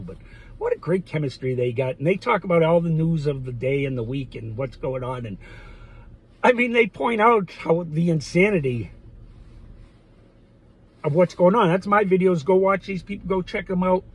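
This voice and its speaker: A man rambles through a heated vlog monologue in a very husky, rough voice. His pitch sits a bit high and swings widely as he jumps between points, flaring up into indignant outbursts. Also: lively intonation, normal speed, rough recording. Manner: digressive, loses his thread, heated and preachy; grows loud and indignant in bursts. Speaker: vlogger.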